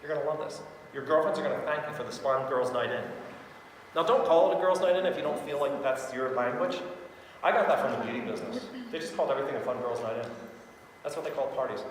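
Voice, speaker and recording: A man's voice: a little high, expressive, fast. A man leading a sales training session, upbeat and acting out both sides of phone calls to show how they should sound. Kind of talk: sales training talk with role-played calls. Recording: echoey hall with faint noise.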